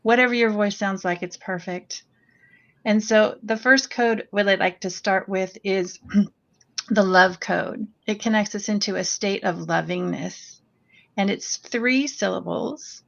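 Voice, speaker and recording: A woman leading a guided meditation with chanted vowel sounds, speaking slowly and gently. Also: mid-range voice, creaky, dull audio. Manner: slow, gentle and soothing.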